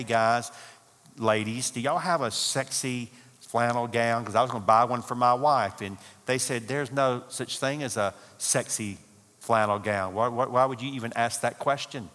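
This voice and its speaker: At a marriage conference in a church hall, a man with a medium pitch and fairly bright tone gives a humorous sermon talk. He spins folksy stories in Southern phrasing, with the hall's reverb audible.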